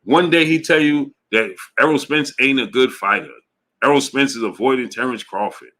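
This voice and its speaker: A man hosts a boxing livestream and answers his chat in a loose, casual way. His voice is bright and forceful, and his delivery is animated and emphatic. He often repeats his points for weight. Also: medium pitch, moderate pace. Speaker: boxing show host.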